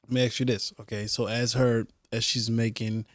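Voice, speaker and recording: A man's voice: medium pitch, level tone, moderate pace, dry recording, studio quality. A man co-hosting a podcast, telling the story of a reality-TV scene in casual slang and acting out quoted lines. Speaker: podcast co-host. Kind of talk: casual reality-TV recap chat.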